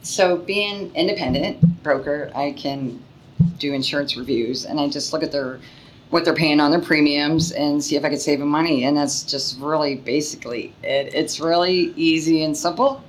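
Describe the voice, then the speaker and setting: A woman's voice: deep voice, moderate pace, rough recording. Woman guest, earnest and plain-spoken, faint background hiss. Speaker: guest, insurance broker. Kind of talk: interview answers.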